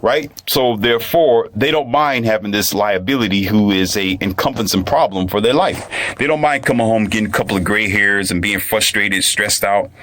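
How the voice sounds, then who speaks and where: Bright-voiced man ranting emphatically. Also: lowish voice, moderate pace. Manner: emphatic, repetitive, restarts phrases. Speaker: commentator. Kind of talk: ranting monologue.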